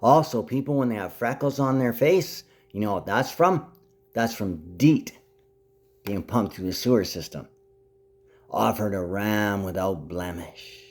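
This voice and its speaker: A man rambles to the camera in a vlog monologue, hopping from topic to topic and speaking to his mother with sudden rises in pitch. He's animated but unhurried.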